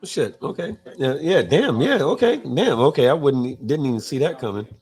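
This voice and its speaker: A man's voice: mid-range voice, sing-song, moderate pace, a little mellow, breathy edge. A man hosting a live talk show in casual chat, reading viewer comments aloud and often stumbling and restarting his words. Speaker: podcast host.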